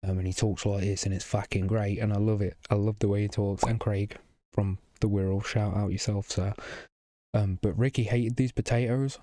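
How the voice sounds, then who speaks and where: A young man speaking casually to camera, telling a long, rambling story full of fillers, restarts and swearing. His voice sits on the low side with a warm, mellow tone. The recording is close and dry, with no room sound. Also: fairly even intonation, normal speed, dry recording. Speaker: vlogger.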